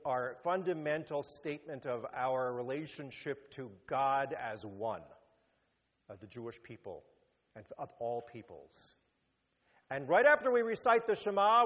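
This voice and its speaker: A rabbi giving a sermon, animated, rising to emphatic peaks and then dropping low. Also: male voice. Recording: muffled sound with long hall reverb.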